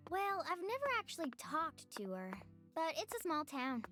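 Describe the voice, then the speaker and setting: A woman's voice: very high-pitched, big pitch swings, normal speed, pushed and bright, faint music behind, heavily acted. An actress voicing a plainspoken, uneasy young small-town woman in a video game. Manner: plainspoken, folksy, hesitant.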